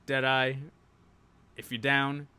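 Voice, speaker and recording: A man's voice: medium pitch, completely flat delivery, takes it slowly, sharp tone, clear, resonant tone. A man hosting a casual gaming news stream, rambling, restarting sentences and chuckling at his own asides. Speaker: show host.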